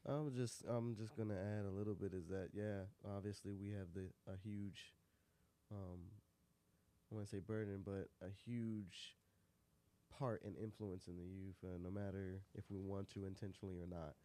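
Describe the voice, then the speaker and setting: A man co-hosting a casual podcast discussion, speaking in a measured, hesitant way with fillers. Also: low voice, fairly even intonation, dark tone. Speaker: podcast co-host.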